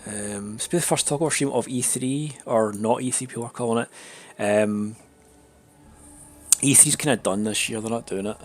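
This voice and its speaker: A man chatting casually on a live stream, his throat a little raspy and his nose congested, rambling with many fillers and restarts. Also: medium pitch, moderate pace.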